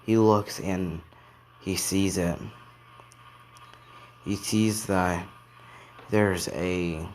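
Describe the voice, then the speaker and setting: A man's voice: deep voice, steady tone, extremely slow, pauses often, darkish tone, slight background noise. A man narrating an improvised fan story in a rambling way, with many restarts.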